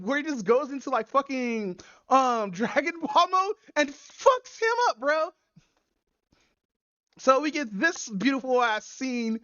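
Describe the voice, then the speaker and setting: A woman's voice: sits high, a bit bright, dry recording, highs cut off. A woman hosting a podcast, recapping a story in rambling, profane casual chat. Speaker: podcast host.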